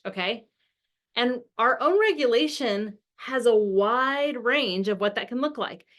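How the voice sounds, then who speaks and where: This middle-aged woman, a parenting expert, has a slightly high and somewhat bright voice. Talking to camera, she lays out parenting ideas earnestly and dramatizes a parent's words with strong emotion.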